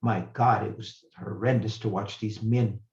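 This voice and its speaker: Sharing a personal story as a guest speaker, this older retired professor is earnest and reflective, pausing and restarting as he goes. His voice is on the low side and steady, in a roomy, slightly muffled recording.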